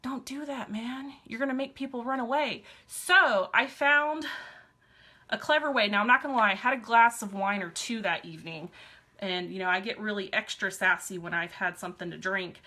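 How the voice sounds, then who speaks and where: A woman's voice: medium pitch, normal speed, sharp tone. A woman giving a casual, upbeat live-streamed sales team training, chatty with sassy asides.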